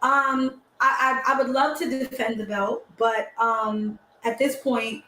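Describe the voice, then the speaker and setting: A woman's voice: a little high, steady tone, slow, pushed and bright. A woman in her twenties, a battle rapper, chatting bluntly and casually in slang during an interview. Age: 20s. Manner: blunt, slangy, talks over others. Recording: echoey room with faint noise.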